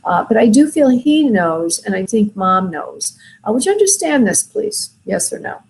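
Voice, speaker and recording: A woman hosting a call-in show as a spirit medium, talking gently and soothingly to callers, with many fillers. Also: medium pitch, very animated, moderate pace, creaky, a little hiss or hum, rough recording. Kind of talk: call-in reading, soft and consoling.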